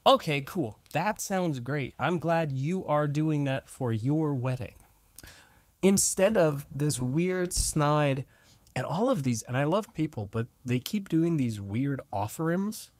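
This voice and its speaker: A man's voice: a little high, lively intonation, slow, a little mellow, no room sound. A man co-hosting a casual podcast from his own room, venting animatedly and acting out other people's remarks. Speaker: podcast co-host. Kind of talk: casual chat. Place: own room, recording remotely. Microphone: remote recording app.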